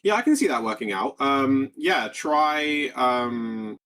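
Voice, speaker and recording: A man's voice: medium pitch, lively intonation, takes it slowly, fairly bright tone. A man running a tabletop game as game master, rambling and laid-back with many fillers.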